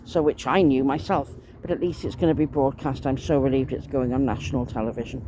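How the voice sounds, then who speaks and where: A woman's voice: a bass voice, steady tone, fairly quick, noisy background. A woman, rambling in a casual monologue to camera, chatty and aggrieved, swearing mildly as she complains. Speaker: vlogger.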